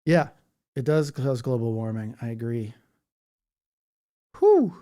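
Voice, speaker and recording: A man's voice: medium pitch, big pitch swings, takes it slowly, mellow. A man hosting a casual livestream, chatting loosely and reading out viewer comments. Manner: rambling, chatty, reads chat comments aloud. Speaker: livestream host.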